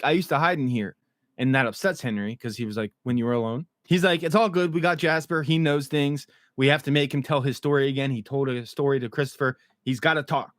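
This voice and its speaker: A man's voice: mid-range voice, fairly bright tone, no echo, clean studio sound. Casual man recapping a TV show. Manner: loose, slangy retelling, quoting characters in passing. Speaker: recap host.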